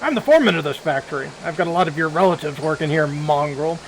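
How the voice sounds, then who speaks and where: Brief: a contemptuous game foreman, read by a man, quick and gravelly. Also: a little high, a little hiss or hum, low-quality recording. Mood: sneering. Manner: brisk, sneering. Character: sneering male human factory foreman.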